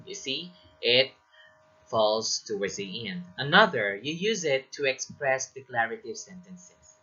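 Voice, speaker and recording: A man teaching a recorded lesson on English pronunciation, explaining slowly and reading example sentences aloud. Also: mid-range voice, expressive, sharp tone, breathy edge, lo-fi sound.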